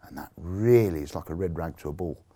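A man's voice: sits low, a little fast, dark tone. A man, a blind army veteran, telling his own story in earnest, emotional terms and acting out the dialogue he remembers. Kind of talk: personal storytelling talk.

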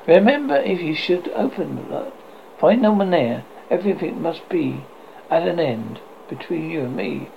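A man's voice: on the high side, lively intonation, moderate pace, gravelly. A man reading aloud, voicing an anxious, dignified French noblewoman who speaks timidly and solemnly. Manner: timid, then solemn and pleading. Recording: slightly dull, faint hiss.

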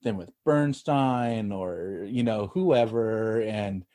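A man in casual podcast chat, telling a story in a relaxed way with trailing fillers. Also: fairly low pitch, slow pace.

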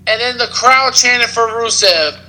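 A man co-hosting a podcast, recapping wrestling shows in casual, animated chat. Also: very high-pitched, crowd noise, poor audio. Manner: animated, quick recap storytelling.

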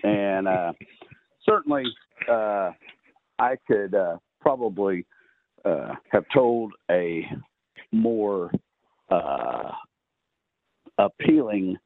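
With a lowish, creaky voice, a Texan-accented man drags out his words and leaves long pauses, yet stays animated while telling a long poker story as a podcast guest. He rambles with many uhs and ums over a dry, tinny phone-line recording.

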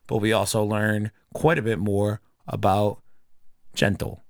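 A man's voice: lowish voice, steady tone, unhurried, vocal fry, a little mellow, no room sound, clean studio sound. A man in his thirties hosting a podcast, rambling and joking with friends and swearing freely. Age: 30s. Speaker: podcast host. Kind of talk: casual podcast chat.

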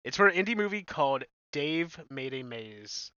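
Young male co-host, bright and higher-pitched, giggly and enthusiastic, dry lo-fi sound. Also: sing-song, normal speed, smooth, no room sound. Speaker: podcast co-host. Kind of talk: casual movie podcast banter.

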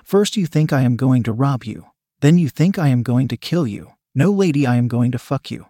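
A man's voice: mid-range voice, animated, moderate pace, warm tone, no echo, clean studio sound, lightly acted. A man voicing a menacing male intruder who talks in a mocking, commanding way, in an adult audio story reading.

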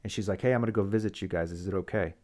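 A man's voice: low-pitched, racing. A young man in casual chat, animatedly recounting a family conflict and acting out the voices in it. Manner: animated storyteller, acts out quoted dialogue. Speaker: guest telling a personal story.

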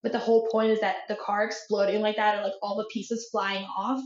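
A woman's voice: medium pitch, fairly quick. Chatty young woman in an echoey room. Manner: chatty, many "like" fillers, excitable. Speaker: podcast co-host. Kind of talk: casual chat. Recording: echoey room, dull lo-fi sound.

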